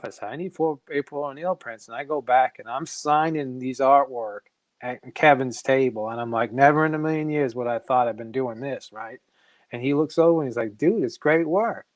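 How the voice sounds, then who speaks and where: Animated storytelling man, dry sound. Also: medium pitch, dry recording. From Massachusetts. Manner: animated storyteller who acts out quoted dialogue. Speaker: guest comic artist. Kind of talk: casual interview storytelling.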